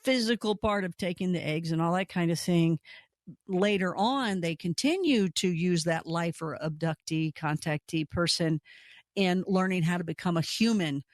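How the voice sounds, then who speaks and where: This radio talk show host, a woman, tells stories conversationally and with energy, her voice rising in pitch whenever she emphasizes something. She talks at normal speed on a dry, studio-quality recording.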